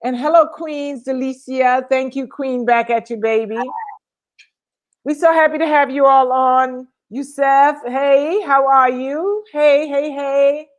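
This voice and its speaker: A woman's voice: sits high, slow. Chatty woman co-host greeting viewers. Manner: chatty, lively, keeps talking to viewers by name. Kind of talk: casual livestream chat.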